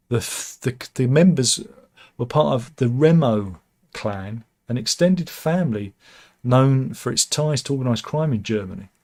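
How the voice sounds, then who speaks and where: A man's voice: mid-range voice, darkish tone. Sarcastic British man reading news. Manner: wry, sarcastic asides with restarts. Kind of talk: casual news chat.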